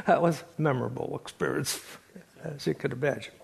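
A man's voice: a little high, sing-song, moderate pace, gravelly, breathy edge. An older man giving a classroom lecture, telling stories with a wry chuckle and reading quotes aloud. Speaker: lecturer on biblical poetry.

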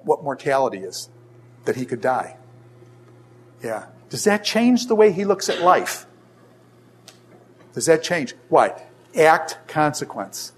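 A middle-aged man lecturing a class on Scripture, often throwing rhetorical questions at his students. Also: on the high side. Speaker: Bible teacher.

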